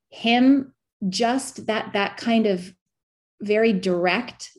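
A middle-aged woman, an actress and author, speaking as an interview guest in a reflective, halting way with frequent restarts and soft laughs. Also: medium pitch.

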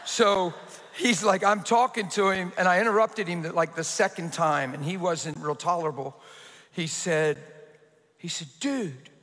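A male pastor delivers a storytelling sermon, acting out each person's lines with animated energy and frequent laughter. His voice sits high and bright. A long reverb trails every phrase, as in a big church sanctuary. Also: normal speed. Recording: reverberant hall.

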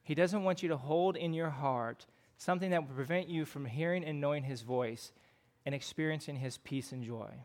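Speaking at a moderate pace, a middle-aged Midwestern American pastor gives a sermon in a casual style. His voice runs a little high, and he leans on fillers and throws rhetorical questions at the congregation again and again.

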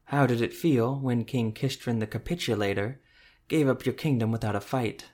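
A man's voice: mid-range voice, moderate pace, darkish tone, lightly acted. A sneering male adventurer with a mocking edge as a male narrator reads him. His voice stays close to the narrator's own.

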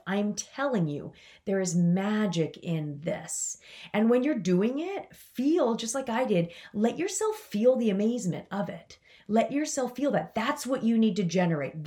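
A woman's voice: mid-range voice, darkish tone. A woman hosting a motivational podcast, talking to her listeners in an enthusiastic, chatty way. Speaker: podcast host and coach.

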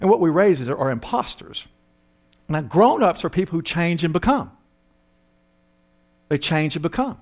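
A man's voice: on the high side, animated, normal speed, pauses often. An older man who works as a counselor, telling humorous, self-mocking stories and acting out the voices of the people in them. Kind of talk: humorous storytelling talk.

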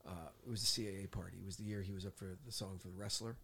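Middle-aged man from New Jersey, podcast co-host, low-pitched, lively raconteur who acts out the voices. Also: very fast, gravelly, crowd noise. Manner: animated storyteller acting out quotes. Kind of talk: casual chat, storytelling.

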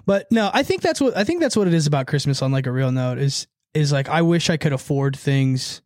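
Rambling profane young man, fairly high voice. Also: animated, fairly quick, a little mellow, no echo, studio quality. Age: 20s. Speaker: podcast host. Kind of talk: casual podcast chat.

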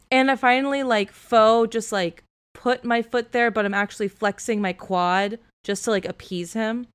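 A woman co-hosts a podcast, animatedly telling a story in casual chat and leaning heavily on the filler "like." Her voice is fairly high, a little slow, and clean in tone.

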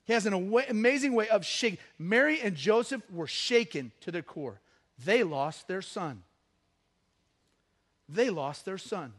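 A middle-aged man preaches in a high, light voice, keeping the sermon conversational and personal. He mixes humor with earnest appeals and swings between quiet asides and loud, emphatic bursts. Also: lively intonation, measured pace. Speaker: pastor.

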